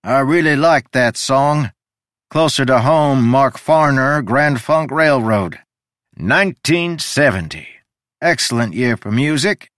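A man voicing an eager, jovial, ageless man who keeps a strange library, talking in an excited, welcoming way. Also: medium pitch, slow pace, dry recording, studio quality, voice pushed up. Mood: apologetic.

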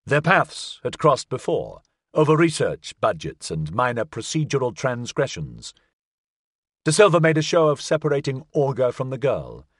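A male audiobook narrator with a measured storytelling delivery and a lively, expressive pitch. The reading is close to the mic and dry, with no room sound. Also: no echo.

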